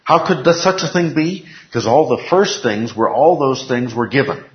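A man's voice: medium pitch, normal speed. A man teaching a Bible class, emphatic, repeating key phrases and putting questions to the class. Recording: echoey room, dull lo-fi sound.

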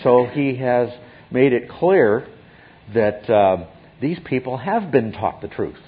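A man's voice: medium pitch, animated, takes it slowly, narrow, tinny audio, a little hiss or hum. A man giving an expository Bible teaching, emphatic and often checking in with his listeners.

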